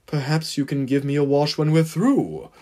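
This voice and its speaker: A man's voice: on the high side, fairly even intonation, moderate pace, warm tone, lightly acted. A man voicing a sly, scheming male diesel engine who oozes oily, ingratiating charm in a fan audiobook.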